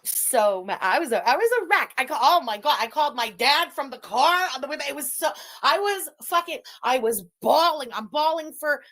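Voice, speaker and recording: Lively, swearing woman rambling on stream. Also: sits high, normal speed, few pauses. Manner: profane, emotional, rambling. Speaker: online streamer in a played clip. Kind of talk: casual rambling monologue.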